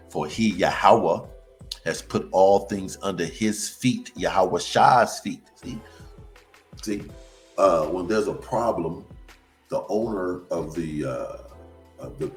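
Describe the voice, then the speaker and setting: Male preacher, low voice, chanting repetitions and whooping excitedly mid-sermon. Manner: emphatic, with sudden high whoops and repeated chanted phrases. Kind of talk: sermon-style scripture teaching.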